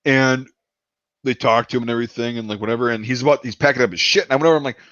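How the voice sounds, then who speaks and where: A man's voice: medium pitch, fairly even intonation, racing, fairly bright tone, no echo. Profane rambling male storyteller. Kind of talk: casual storytelling. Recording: dull, dry lo-fi sound.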